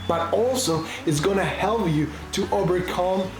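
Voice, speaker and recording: A man's voice: sits high, measured pace, echoey room, music in the background. A man casually retelling a Bible passage and giving a short devotional, speaking informally and using "like" often, with non-native phrasing.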